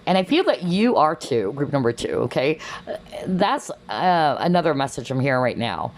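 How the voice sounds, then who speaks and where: Low-voiced woman giving a tarot reading. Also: very animated, moderate pace. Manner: chatty, exclaims often, many fillers. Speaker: tarot reader. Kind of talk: collective tarot reading to camera.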